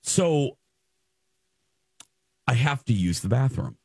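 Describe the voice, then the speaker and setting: A male radio host in casual storytelling chat. He tells the story in an animated way, stumbling over repeated words as he gets worked up. His voice is at an ordinary pitch and sounds dry and close. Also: slow, slightly rough, no room sound. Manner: animated, stumbling repeats while reliving the moment.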